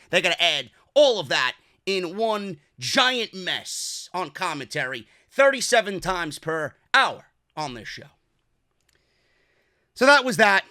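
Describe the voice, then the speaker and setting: A man's voice: high voice, bright, forceful tone, no room sound, clean studio sound. A man with a New York accent hosting a wrestling review podcast, talking in a sarcastic, profane, exasperated way. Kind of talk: casual review monologue.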